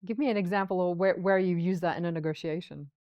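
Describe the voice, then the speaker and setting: A woman's voice: on the low side, fairly even intonation, fast, darkish tone, no room sound, muffled recording. A woman hosting an interview, who asks curious questions and sometimes searches for her words. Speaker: interview host. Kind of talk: interview conversation.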